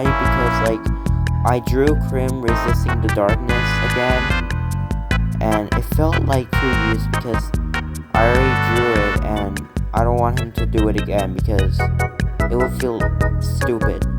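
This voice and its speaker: Brief: deep-voiced woman animator, rambling casual commentary, swearing, loud synth music behind. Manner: rambling, swears, lots of ums. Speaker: animation creator. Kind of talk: casual commentary on own artwork.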